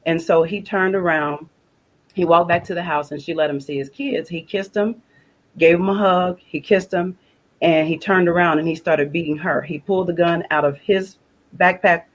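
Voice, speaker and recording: A woman's voice: fairly low pitch, steady tone, moderate pace, rough recording. Woman, broadcast guest, emotional testimony, repeats her phrases, speaks in terms of faith. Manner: retells conversations in quoted dialogue, repeating phrases; religious phrasing.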